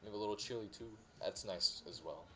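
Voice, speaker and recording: A man's voice: lowish voice, fairly quick, bright, forceful tone, soft background music. A young man chatting casually while streaming a game, rambling with many fillers and restarts. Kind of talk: casual gameplay chat.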